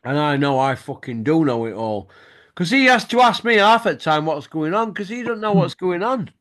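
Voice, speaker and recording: A man's voice: on the high side, big pitch swings, moderate pace, fairly bright tone. A middle-aged man, hosting a boxing show and telling stories in casual chat, swearing freely and laughing as he goes.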